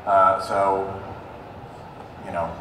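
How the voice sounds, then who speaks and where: A lower-voiced man answers questions on a convention panel, matter-of-fact and a little halting. He sounds far off in a roomy hall, with a steady buzz of noise around him.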